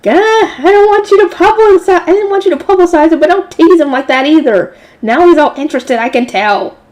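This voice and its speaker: A woman's voice: fairly high pitch, animated, brisk, darkish tone, close to an everyday voice. A woman doing a flustered young shrine maiden girl. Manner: flustered and hesitant.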